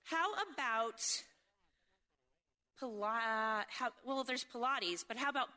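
A woman giving a humorous sermon, animated and jokey, telling stories with quick asides and keeps asking the audience for agreement. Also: on the high side. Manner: seeks agreement with frequent rhetorical questions. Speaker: speaker at a faith event.

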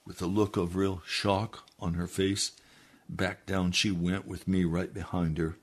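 Impassioned gravelly-voiced male preacher. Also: deep voice, flat delivery, a little slow. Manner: impassioned, building to loud emphatic pleading. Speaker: pastor. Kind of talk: sermon, reading a book aloud and preaching.

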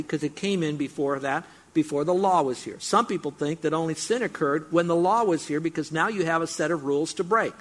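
A middle-aged man preaching a sermon, explaining scripture with emphatic, repeated build-ups. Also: a little high. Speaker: pastor.

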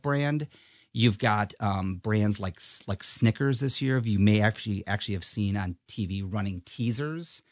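A man's voice: fairly low pitch, dry recording. A middle-aged man, talking casually as an advertising guest and rambling with lots of ums and restarts. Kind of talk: casual interview chat.

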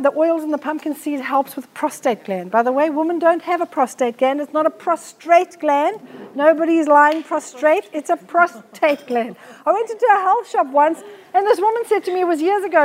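Blunt high-voiced woman. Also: slight background noise. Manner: blunt, forthright. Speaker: health talk presenter. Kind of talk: live talk to an audience. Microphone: handheld microphone.

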